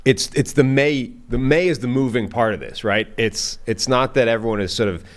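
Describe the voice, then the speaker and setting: A man's voice: mid-range voice, moderate pace. A man co-hosting a casual sports podcast, talking football in a dry, wry way. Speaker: analyst co-host.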